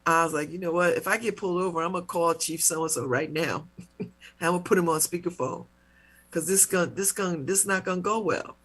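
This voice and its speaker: A middle-aged woman hosting a talk show, telling a personal story in a casual, animated way, with mock-indignant retellings. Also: on the low side, a little fast, breathy edge. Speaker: radio talk show host.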